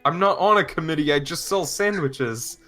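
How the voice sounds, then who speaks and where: A man voicing a male street sandwich vendor who shouts to passersby and grows suspicious of a stranger. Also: fairly high pitch, normal speed, soft background music, pitched above the performer's own voice. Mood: baffled. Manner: shouting street-seller calls.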